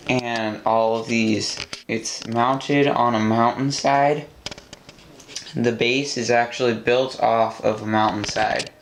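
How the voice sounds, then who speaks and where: A man talking slowly through a casual show-and-tell of his own model, stopping and restarting as he goes. He speaks in a flat tone that barely rises or falls, with a faint hiss of noise behind him. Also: medium pitch, poor audio. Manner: rambling, halting with many restarts. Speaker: LEGO builder showing his model.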